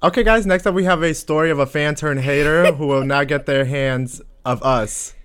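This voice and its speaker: A young man co-hosting a podcast in casual chat, sassy and joking with deadpan teasing. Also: on the high side, moderate pace. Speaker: podcast co-host.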